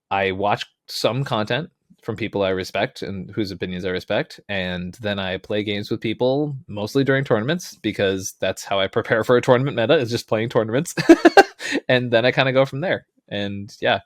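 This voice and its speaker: A man's voice: lowish voice, dry recording. Rambling, laughing man on a dry mic. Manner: rambling, laughs often, self-deprecating. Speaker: podcast guest, tournament player. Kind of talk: casual podcast chat.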